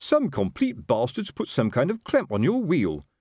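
A man's voice: on the high side, wildly swooping pitch, moderate pace, darkish tone, no echo, clean studio sound, voice pushed up. A man voicing a blustering, self-important middle-aged sergeant in an audiobook, with a raised, wheedling voice. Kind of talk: audiobook character voice.

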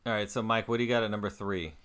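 A man co-hosting a casual podcast chat, retelling favorite comedy scenes with lively energy and laughter. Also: fairly low pitch, racing. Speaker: podcast co-host.

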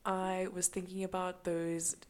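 A woman's voice: lowish voice, completely flat delivery, measured pace. A young woman co-hosting a podcast in casual chat, laughing often. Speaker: podcast co-host.

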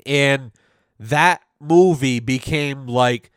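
A man's voice: medium pitch, very slow, clean tone, no room sound, studio quality. A young adult man hosting a podcast, telling a rambling, profanity-filled story in casual chat. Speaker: podcast host.

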